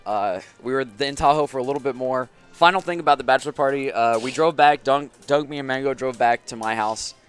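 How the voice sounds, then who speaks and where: A man's voice: mid-range voice, a little fast, few pauses, clean tone, faint music behind. A young man hosting a casual chat show, telling a story with lots of energy and acted-out quotes, sounding a bit sick. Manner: animated storyteller, shouts and laughs through quotes. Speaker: show host.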